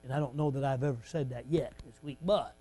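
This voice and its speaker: A man's voice: mid-range voice, fast talker. A man preaching a fervent, folksy revival sermon in a church. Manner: fervent, folksy, rising to shouts.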